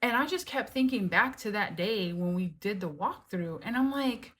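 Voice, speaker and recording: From her home, a woman with a mid-range voice tells a personal story to camera at a moderate pace. She's animated and casual, saying "like" and "right?" constantly and swearing now and then.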